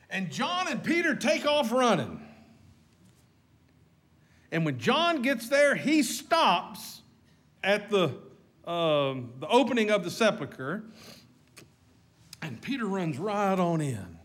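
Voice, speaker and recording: A man preaching a sermon, retelling a story dramatically as his voice swings from loud to hushed. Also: sits high, slightly rough.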